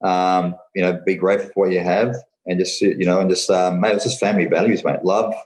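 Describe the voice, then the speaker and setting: Fast-talking Australian man, low voice. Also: flat delivery, a little mellow, roomy sound, poor audio. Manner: rambling, full of fillers and "mate". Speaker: podcast guest, business owner. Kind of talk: casual interview chat.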